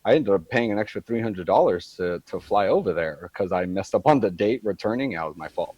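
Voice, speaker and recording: A man's voice: fairly low pitch, lively intonation, fairly quick, darkish tone, husky, dry recording, dull audio. A man guesting on a podcast, reminiscing in a rambling way with frequent laughs and trailing restarts. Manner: rambling, laughs a lot, many restarts and fillers. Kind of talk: casual chat.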